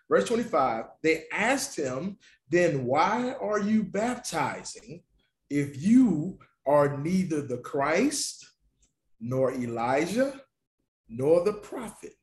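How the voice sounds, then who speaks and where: A man preaching a sermon in a conversational way, checking in with "okay?" and reading scripture slowly and deliberately. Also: fairly high pitch, big pitch swings, roomy sound. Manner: conversational preaching, frequent "okay?" and "you know". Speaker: pastor.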